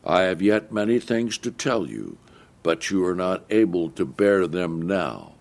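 A man preaching a sermon, reading scripture slowly and stressing key words. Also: sing-song, creaky. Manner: slow, emphatic reading with wide swings in pitch. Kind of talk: sermon, Bible exposition.

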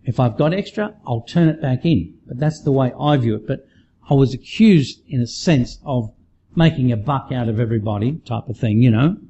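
A man giving a sermon in a conversational, animated way, often restarting his sentences. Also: medium pitch, normal speed, dull audio, a little hiss or hum. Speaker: preacher.

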